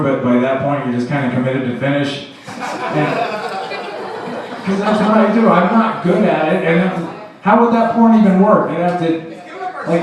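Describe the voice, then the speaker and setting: A man doing a stand-up comedy set, telling crude stories in an offhand, deadpan way. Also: on the high side, distant mic. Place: comedy club stage. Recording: echoey club, mic heard from afar, loud crowd laughter. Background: audience laughing.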